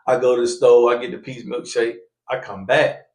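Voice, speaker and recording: Podcast storyteller, man, mid-pitched, animated, does loud voices for the people in his story, echoey room. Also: moderate pace. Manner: animated, acts out quoted voices loudly.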